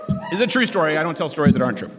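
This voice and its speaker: A man from Canada giving a comedic political talk to college students, animated and joking, with bursts of shouting, in a large hall with long reverb. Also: fairly high pitch, rapid-fire, a crowd in the background. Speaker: speaker addressing college students.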